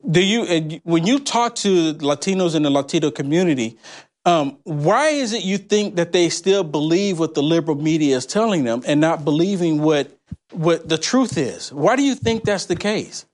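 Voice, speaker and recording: A man hosting an interview, asking long, halting questions full of restarts. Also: on the high side, animated. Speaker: host. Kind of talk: casual interview talk.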